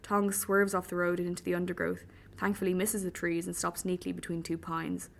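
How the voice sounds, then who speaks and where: Wry woman narrating with a gravelly edge. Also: on the low side, brisk. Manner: wry, dry humour, lively reading. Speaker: audiobook narrator. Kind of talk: first-person story narration.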